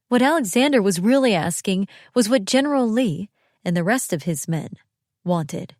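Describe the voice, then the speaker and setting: A woman reading a first-person audiobook narration in a steady, tense storytelling manner. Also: on the high side, moderate pace, no echo, clean studio sound.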